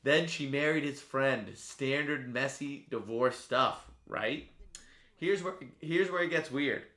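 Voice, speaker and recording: A man hosts a live stream with a bright, forward voice. He calls the race play-by-play, swinging from quiet asides to sudden loud cheering. The room around him rings with echo. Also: medium pitch, slow. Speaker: stream host.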